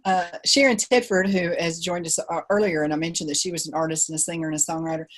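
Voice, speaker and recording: A woman's voice: on the low side, steady tone, fast talker. A woman hosting an interview show, chatting casually and reading out listener comments. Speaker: podcast host.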